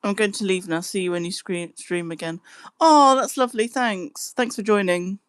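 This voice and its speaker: A young woman chatting casually on a live stream, answering her chat in a relaxed way. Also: medium pitch, normal speed, smooth, no echo. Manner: chatty, giggly, breaks into laughing fits.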